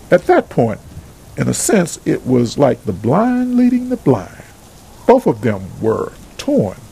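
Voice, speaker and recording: A man's voice: medium pitch, vocal fry, mellow, a little hiss or hum, rough recording. A man reading a story aloud in a plain, earnest storybook narration.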